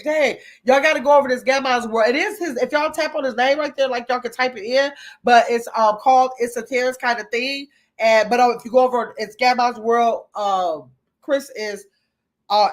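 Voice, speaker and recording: A woman hosting a livestream from her computer at home, chatting casually with her viewers and reading their comments aloud. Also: medium pitch. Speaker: livestream host reading chat.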